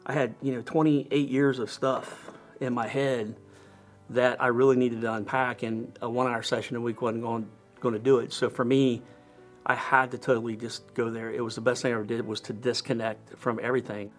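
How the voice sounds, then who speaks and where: Earnest middle-aged man, halting testimony. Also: mid-range voice, level tone, faint music behind. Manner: earnest, halting, with many fillers and restarts. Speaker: firefighter lieutenant. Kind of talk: personal testimony.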